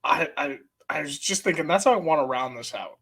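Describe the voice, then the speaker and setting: A man co-hosting a sports podcast in a studio, talking loud and excitable, swearing and laughing now and then. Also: fairly high pitch, a little fast, husky. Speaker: podcast co-host. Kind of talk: casual sports chat.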